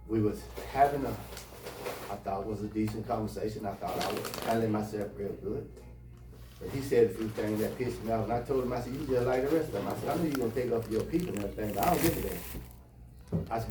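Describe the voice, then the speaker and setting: A man with a medium-pitched, darkish voice tells a personal story in a casual, blunt, heated way, swearing a lot. The mic sounds distant in a roomy space, with faint music behind him.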